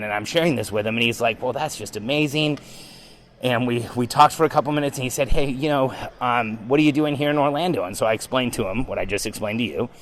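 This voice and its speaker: A man hosting a podcast, telling a story in an animated, excitable way with frequent ums. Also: mid-range voice, low-quality recording. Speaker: podcast host. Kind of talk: storytelling monologue.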